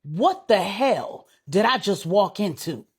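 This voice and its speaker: A man's voice: high-pitched, sing-song, slow, husky, exaggerated voice. A woman doing an indignant hot-tempered husband. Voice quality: loud, indignant, blunt street slang. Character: hot-tempered husband, young adult man, blunt street talk.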